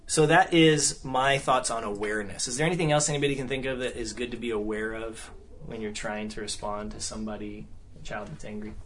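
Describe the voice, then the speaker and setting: A man gives a seminar talk on counseling, conversational and regularly checking in with the audience as they discuss. He speaks briskly in a lowish, fairly bright voice with fairly even intonation, over a little hiss or hum.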